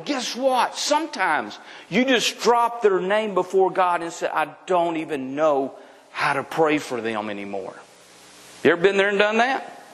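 A man preaching to his congregation in a high, lively voice that swoops up and down as he builds emphasis. He keeps turning to the room with direct questions. His words ring out with a long reverb, as in a large hall. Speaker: pastor. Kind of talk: sermon.

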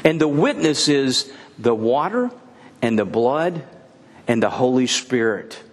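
A man preaching a sermon, telling stories with lively acted-out dialogue. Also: medium pitch, unhurried. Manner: animated storytelling, acting out dialogue. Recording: long reverb in a large room.

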